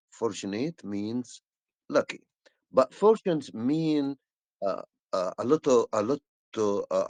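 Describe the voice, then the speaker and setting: A male English teacher explaining a lesson slowly, with many hesitations and fillers. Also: medium pitch, a little mellow, no room sound. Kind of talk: classroom lesson.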